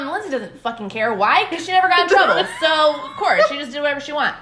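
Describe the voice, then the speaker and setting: A young woman co-hosts a podcast in a casual storytelling chat, swearing freely and laughing through her tales. Her voice sits high and swings widely in pitch. The room is echoey, with clear background noise. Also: fast. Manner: animated, swears a lot, laughs while telling stories. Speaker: podcast co-host.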